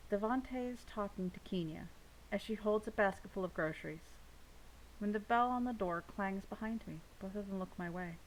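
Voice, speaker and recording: A woman audiobook reader narrates a novel in steady first person, her mid-range voice carrying a noticeable gravelly grain at a moderate pace. The audio is poor, with a faint hiss underneath.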